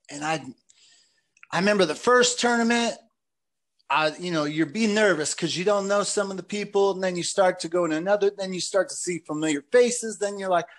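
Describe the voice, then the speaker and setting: A man with a fairly high voice tells rambling stories in a casual chat. He talks in loose, animated runs, full of "dude" and "like". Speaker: podcast host.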